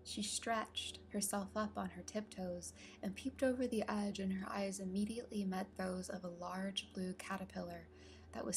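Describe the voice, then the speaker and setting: A woman narrating a storybook in a calm, measured way, over soft music. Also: medium pitch, creaky, a little hiss or hum. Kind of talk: storybook reading.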